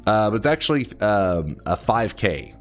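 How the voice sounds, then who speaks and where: Streamer, man, 30s: deep-ish voice, rambling, profane, prone to loud outbursts, faint music in the background. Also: big pitch swings, moderate pace. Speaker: livestreamer. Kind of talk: casual live-stream chat.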